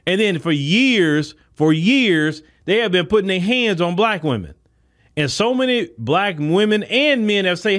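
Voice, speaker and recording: A man's voice: high-pitched, animated, a little slow, a bit bright. A man hosting a podcast, talking in a casual, emphatic monologue straight to his listeners. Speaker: podcast host.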